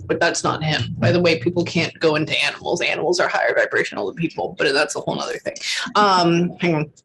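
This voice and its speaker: A woman's voice: lowish voice, fairly bright tone, a little hiss or hum. A woman working as a psychic medium in a casual reading, emotional and swearing freely, often stopping to say hold on. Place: lives in Texas.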